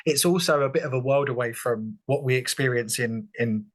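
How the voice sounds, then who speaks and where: A British man with a mid-pitched voice hosts a podcast interview. He asks long, rambling questions with lots of encouragement. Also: a little fast. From United Kingdom. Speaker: podcast host. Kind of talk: conversational interview.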